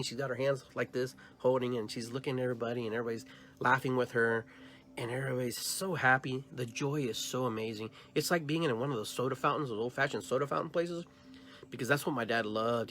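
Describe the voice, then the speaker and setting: A man's voice: medium pitch, fast. A man hosting a podcast, telling a personal dream story and acting out both sides of the conversations. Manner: animated retelling, acts out both sides of dialogues; long trailing phrases with filler and restarts. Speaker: podcast host.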